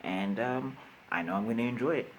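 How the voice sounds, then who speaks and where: A man's voice: mid-range voice, fairly quick, a little hiss or hum, low-quality recording. A man hosting a reaction video, chatting casually and rambling a little to his viewers. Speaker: YouTube reactor.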